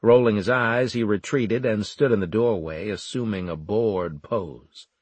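A man reads a first-person story in a steady, wry way. His voice is strongly raspy and husky, and his pitch sits in the low middle. The recording is dry and close. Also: unhurried, dry recording. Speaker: audiobook narrator. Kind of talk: first-person scripted narration.

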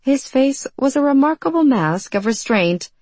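Woman narrator, audiobook, husky voice, lively pitch. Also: normal speed, dry recording.

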